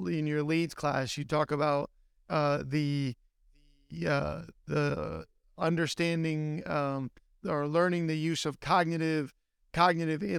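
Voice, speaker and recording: A podcast host and attorney asks long, halting questions with restarts. His voice is gravelly and smooth at once, a touch high. The recording is dry and close. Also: no echo. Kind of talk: podcast interview.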